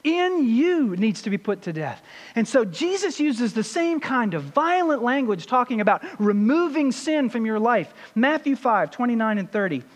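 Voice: mid-range voice, big pitch swings, moderate pace, big-room sound. A pastor preaching a sermon with emphasis and putting rhetorical questions to the congregation.

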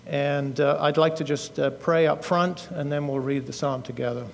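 A man's voice: fairly high pitch, fairly even intonation, moderate pace, gravelly, long reverb tail, slight background noise. A middle-aged British-born man giving a sermon, explaining scripture earnestly with fillers and self-corrections. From Britain. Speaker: preacher. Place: church.

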